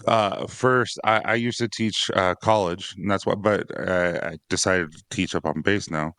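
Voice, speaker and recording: A man's voice: low voice, steady tone, moderate pace, a bit bright, clean tone, dry recording, studio quality. A man who is a father of six, talking casually on a dads podcast, rambling and laughing often. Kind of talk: casual conversation.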